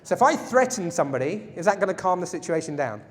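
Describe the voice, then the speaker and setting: A man's voice: fairly high pitch, animated, very fast, hardly any pauses. Jokey male self-defense instructor in a hall. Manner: playful, jokey, asks the audience questions. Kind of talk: live workshop lecture to a group. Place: large hall with an audience. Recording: echoey hall.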